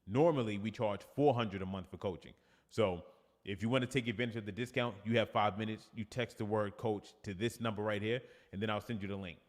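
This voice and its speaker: Speaking briskly in a voice on the low side, a New York-accented man reads viewer comments out loud. He's a fitness coach chatting casually on a livestream, and his audio carries a long reverb tail.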